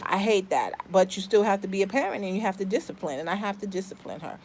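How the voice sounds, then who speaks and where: A woman's voice: medium pitch, fast talker, a little mellow, slight background noise. A middle-aged woman from the Bronx, chatting casually to her vlog viewers, emphatic and repeating herself. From the Bronx, New York. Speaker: family vlogger.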